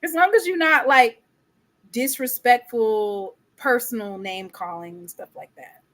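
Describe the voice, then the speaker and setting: A woman's voice: a little high, a little slow, a bit bright. A woman hosting a casual live-stream show, chatting loosely and talking straight to her viewers in the chat. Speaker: show host.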